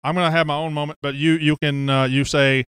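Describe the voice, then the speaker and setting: A man's voice: on the high side, flat delivery, fairly quick, a bit bright, clear, resonant tone, dry recording. A man hosting a casual show, joking and teasing the crew as he rambles along. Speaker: host. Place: studio office.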